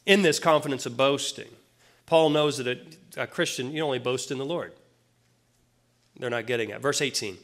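A man's voice: mid-range voice, normal speed, fairly bright tone. A man preaching a sermon in a plain-spoken, conversational way, with casual asides to the congregation. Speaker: pastor.

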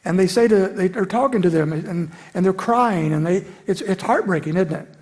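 A man's voice: high-pitched, normal speed, a little mellow. A middle-aged man preaching a sermon as pastor, earnest and building to emphatic peaks.

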